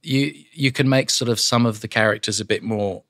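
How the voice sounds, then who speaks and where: Lively man telling stories in a studio. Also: on the low side, dry recording. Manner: animated storyteller, drops into quick character voices. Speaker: audiobook narrator and voice actor guest. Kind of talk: casual studio interview chat. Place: podcast studio. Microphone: studio microphone.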